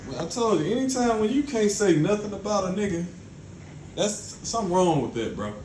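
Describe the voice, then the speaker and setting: A man's voice: high-pitched, big pitch swings, a little fast, darkish tone, echoey room, slight background noise. A man ranting casually to his viewers in a blunt, profane, exasperated way. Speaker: vlogger. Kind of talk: casual rant to camera.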